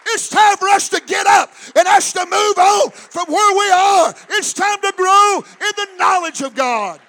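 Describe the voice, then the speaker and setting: High, bright-voiced shouting preacher. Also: male voice, unhurried, some chatter behind. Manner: shouting, fiery preaching with sudden drops to quiet. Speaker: pastor. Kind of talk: Pentecostal sermon.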